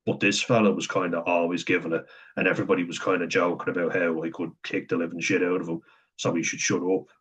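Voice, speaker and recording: A man's voice: sits low, level tone, fast, fairly bright tone, breathy edge. A young man in a candid, profane personal monologue, talking frankly and conversationally. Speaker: vlogger. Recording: dull lo-fi sound.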